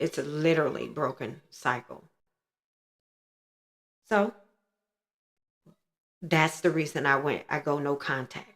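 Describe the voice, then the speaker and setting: Low-voiced woman telling her story frankly. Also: a bit bright. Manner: earnest, frank and reflective. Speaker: host sharing her personal story. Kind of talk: candid personal storytelling.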